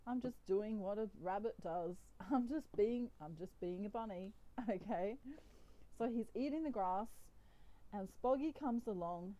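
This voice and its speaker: A woman who reads tarot talks in a loose, playful way, laughing often as she acts out a lesson with toy puppets. Her voice is mellow and soft-edged, at an ordinary pitch for a woman. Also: a little slow, low-quality recording. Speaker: tarot reader. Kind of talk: casual chat.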